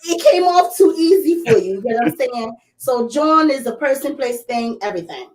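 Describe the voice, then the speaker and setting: A woman's voice: a little high, animated, moderate pace. A woman with a Philadelphia accent hosting a playful, casual interview, bubbly and teasing. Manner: bubbly and teasing, lots of slang. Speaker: interview host.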